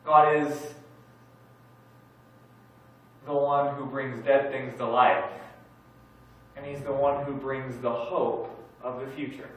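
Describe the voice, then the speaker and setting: A man preaching a sermon as pastor, candid and self-deprecating with jokes, swinging between loud emphasis and quiet asides. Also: medium pitch, flat delivery, a little slow. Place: large church sanctuary. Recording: echoey church hall from far off.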